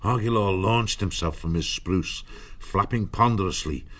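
A man reading an audiobook in a measured storytelling manner. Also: deep voice, fairly bright tone, dull audio. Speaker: narrator. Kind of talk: audiobook narration.

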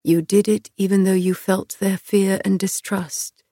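A woman reading an audiobook, voicing a tall young man who speaks low, hushed and intimate, tender and intent. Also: level tone, measured pace, dry recording, clean studio sound.

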